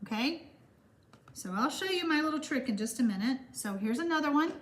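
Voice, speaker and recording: High-voiced Texan woman live-streaming. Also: lively intonation, brisk. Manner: warm, gushing, rambling with fillers. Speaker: card-making live stream host. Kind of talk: chatty live stream, reading viewer comments aloud.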